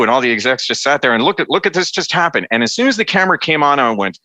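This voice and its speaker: Middle-aged Canadian male guest, lively, halting chat, bright dry tone. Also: medium pitch, no room sound. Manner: animated, stumbling restarts, acts out quotes. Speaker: federal cabinet minister, interview guest. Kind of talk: casual interview chat.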